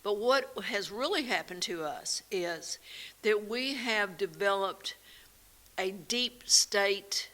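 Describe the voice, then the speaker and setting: A woman co-hosting a faith and politics talk show, telling stories in an animated way and laughing often. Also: medium pitch, takes it slowly. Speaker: co-host. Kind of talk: casual talk show chat.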